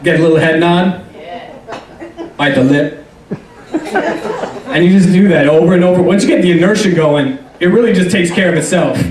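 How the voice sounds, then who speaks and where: A young man doing stand-up, rambling and self-deprecating, his voice a little higher than most men's. He is heard from a distance in a roomy club. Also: moderate pace, pauses often, crowd noise. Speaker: stand-up comedian. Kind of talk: stand-up comedy set. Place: comedy club stage.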